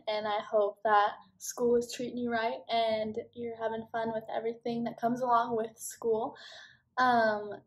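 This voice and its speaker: A woman's voice: a little high, poor audio. Sweet, chatty young woman. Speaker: friend sending birthday wishes. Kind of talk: casual video message.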